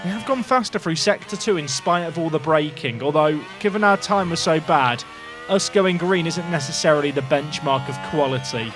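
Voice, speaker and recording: A young man live-streaming a racing game, excitable and jokey, shouting at the screen between commentary. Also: on the high side, moderate pace, over music.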